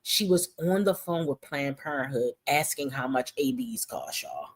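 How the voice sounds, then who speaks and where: A woman's voice: a bass voice, animated, moderate pace. A woman hosting casual livestream commentary, talking in a profane, mocking way.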